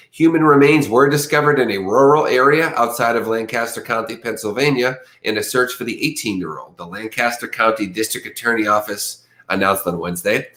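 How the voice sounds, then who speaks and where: A man's voice: medium pitch, fairly bright tone. Casual male livestream host with a mid-range voice, rambling delivery, echoey room. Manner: rambling, stumbles over words. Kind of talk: casual livestream chat and news reading.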